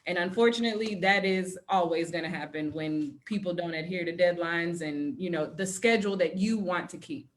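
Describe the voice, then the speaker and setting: A woman's voice: fairly low pitch, normal speed, few pauses, a little hiss or hum. A woman co-hosting a casual panel talk show, speaking emphatically and reasoning her point through aloud. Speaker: podcast co-host.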